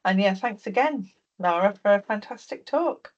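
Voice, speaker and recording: A woman hosting and chairing a question session on a video call, chatty and quick to laugh. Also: medium pitch, expressive, muffled recording. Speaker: event host.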